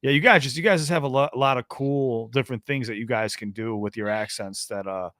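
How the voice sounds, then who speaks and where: An American man hosting a call-in podcast, talking casually and excitedly, often restarting his phrases. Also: mid-range voice, brisk, no room sound. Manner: chatty, repeats himself and restarts phrases. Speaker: podcast host taking calls.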